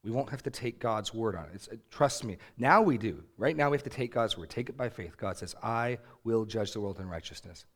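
A man's voice: medium pitch, lively intonation, fairly quick, few pauses. A man in his thirties preaching a sermon in an earnest, conversational way, rising emphatically on key points. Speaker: pastor.

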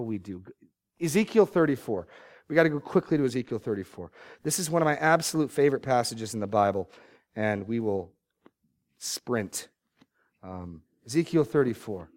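A man preaching a sermon, reading scripture with rising emphatic bursts and quick asides to the congregation. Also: fairly high pitch, darkish tone. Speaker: pastor.

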